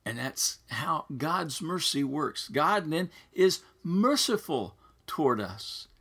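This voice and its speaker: Male preacher, bright husky voice, slow and earnest sermon delivery. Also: very animated. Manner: slow, earnest preaching with wide swings in pitch.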